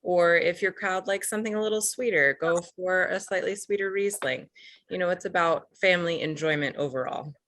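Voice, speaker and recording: Low-voiced woman winemaker, dry sound. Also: brisk, fairly bright tone, dry recording. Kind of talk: casual guest talk. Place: home. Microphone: video call.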